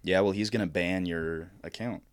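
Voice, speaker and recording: A man's voice: low voice, fairly even intonation, moderate pace, clean tone. A young man hosting a casual podcast chat, joking and swearing among friends. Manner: joking, swearing, laughs loudly.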